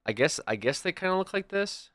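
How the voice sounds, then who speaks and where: A man's voice: sits high, very animated, fairly quick, fairly bright tone, no echo, clean studio sound. A young adult man streaming, chatting casually and rambling through stories with many restarts. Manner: rambling, restarts and storytelling asides. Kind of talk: casual chat to stream viewers.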